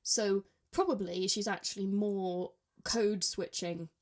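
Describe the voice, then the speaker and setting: Measured woman explaining, trailing off softly. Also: medium pitch, steady tone. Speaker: priest and podcast co-host. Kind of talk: casual podcast chat.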